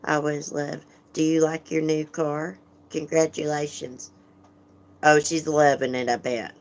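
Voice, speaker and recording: Low-voiced chatty woman streamer. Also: flat delivery, unhurried. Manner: chatty, frank, laughs often, greets viewers. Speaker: livestream host. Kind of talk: casual livestream chat, reading comments.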